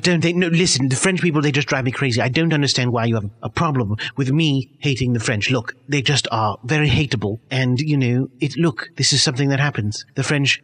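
A man's voice: medium pitch, a bit bright. A man hosting a comedy radio show, ranting indignantly and bickering with himself.

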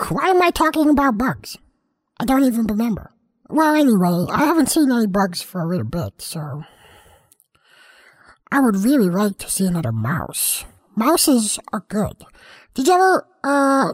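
Woman playing a rambling high-voiced house cat. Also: slightly rough. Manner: meandering, self-interrupting, playfully earnest. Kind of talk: comic monologue.

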